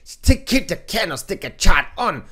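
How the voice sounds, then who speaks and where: A man's voice: sits high, very animated, measured pace, a bit bright, pitched above the performer's own voice, exaggerated voice. A man putting on the voice of a whiny, demanding male viewer who keeps begging and complaining. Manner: whining, pleading, repetitive.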